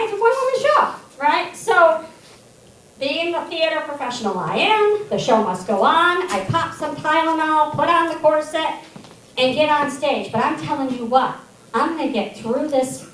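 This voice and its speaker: Brief: middle-aged female stand-up, wry storyteller; distant mic, heavy room echo, faint background hum. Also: high-pitched. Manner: animated, self-deprecating, wry. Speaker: student stand-up comedian. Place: comedy theater stage. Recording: echoey hall from far off.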